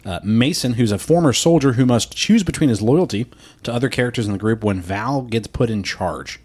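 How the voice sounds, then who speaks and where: A man's voice: medium pitch, expressive, brisk, a little mellow, slightly rough. A man co-hosting a podcast in casual chat, laughing often and acting out quotes in silly voices. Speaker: podcast co-host.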